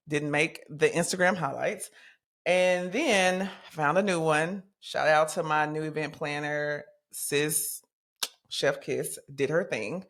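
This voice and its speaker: Chatty woman in her forties. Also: sits low. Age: 40s. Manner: chatty and animated, with casual slang. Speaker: podcast host. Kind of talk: casual podcast monologue.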